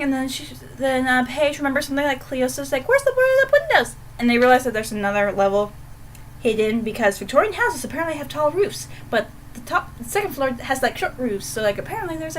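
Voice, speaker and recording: A woman's voice: a little high, slight background noise, low-quality recording. Chatty young woman reviewing a book. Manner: animated, chatty, rambling with many fillers. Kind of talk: casual book review vlog.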